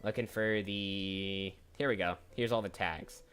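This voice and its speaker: A man's voice: deep voice, fairly even intonation, unhurried, a bit bright. Chatty rambling male streamer. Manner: chatty, rambling, restarts mid-sentence while browsing. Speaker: voice actor streamer. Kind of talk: casual livestream talk, thinking aloud. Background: faint background music.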